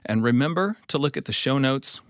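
A man's voice: mid-range voice, lively intonation, a little fast, dry recording, studio quality. A man hosting a podcast, reading announcements and sponsor thanks in a friendly promotional way. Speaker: podcast host. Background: music.

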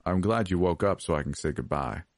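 A man voicing a protective young man in a horror story, gentle and pleading, close to his own low voice. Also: fairly quick, dry recording.

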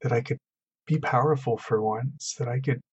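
A tabletop player voicing a troubled young man who is losing control of a strange power, speaking quietly and earnestly. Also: mid-range voice, normal speed, breathy edge, lo-fi sound. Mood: subdued. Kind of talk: in-character tabletop role-play.

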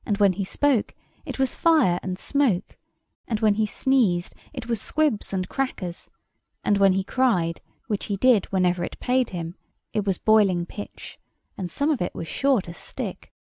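Gravelly, mellow woman reading a story. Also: medium pitch, expressive, a little slow, no room sound, clean studio sound. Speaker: audiobook reader. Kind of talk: storybook narration.

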